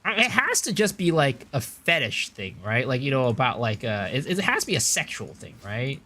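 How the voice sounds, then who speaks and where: Lively, profane male streamer. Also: mid-range voice, moderate pace. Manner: rambling, profane, filler-heavy with lots of "like"; chats to viewers in the stream chat. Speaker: game streamer. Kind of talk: casual live-stream chat while gaming.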